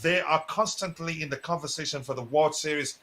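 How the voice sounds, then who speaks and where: A man hosts a casual live football stream, his voice bright and fairly high. He rambles along with frequent fillers and restarts, keeping a relaxed, chatty flow. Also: fairly quick. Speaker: host.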